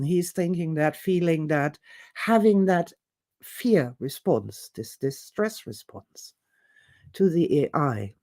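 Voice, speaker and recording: A woman giving an opinionated, theatrical monologue, digressing and acting out other people's reactions. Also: lowish voice. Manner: animated, theatrical, acts out quotes, digressive. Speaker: presenter.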